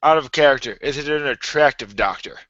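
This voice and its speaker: A man's voice: medium pitch, brisk, a bit bright, no room sound. A man playing a tabletop game, joking casually. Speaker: player. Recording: dry, dull lo-fi mic.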